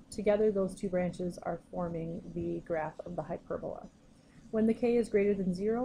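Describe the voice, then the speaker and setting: A woman's voice: fairly low pitch, warm tone, a little hiss or hum, rough recording. Patient woman teaching a math lesson. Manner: patient, step-by-step explaining. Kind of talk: recorded classroom lesson.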